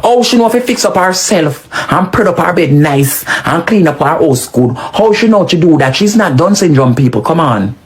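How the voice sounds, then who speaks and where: A woman with a Jamaican accent giving animated, scolding patois commentary, swinging her pitch up and down for emphasis. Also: moderate pace, few pauses. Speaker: social media commentator.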